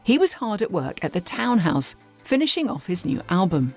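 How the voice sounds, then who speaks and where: An English woman presenting and narrating a documentary in a lively storytelling style. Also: mid-range voice, moderate pace, slightly rough. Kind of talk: scripted narration. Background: faint music.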